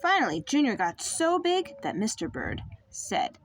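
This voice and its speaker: A young mother reading a picture book aloud to her child, in an expressive, sing-song way. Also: sits high, measured pace, hardly any pauses, a little hiss or hum.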